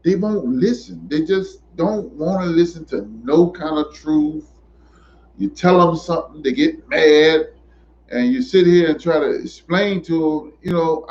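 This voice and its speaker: A man in an impassioned monologue, preachy and emphatic, repeating himself and rising to near shouts. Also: on the high side. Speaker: commentator. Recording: dull lo-fi recording.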